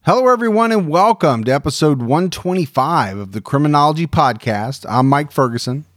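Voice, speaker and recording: A man's voice: a little high, expressive, a little fast, a bit bright, faint music behind. A middle-aged man co-hosting a podcast, chatting in an upbeat, friendly way. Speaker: podcast co-host. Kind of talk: casual podcast chat.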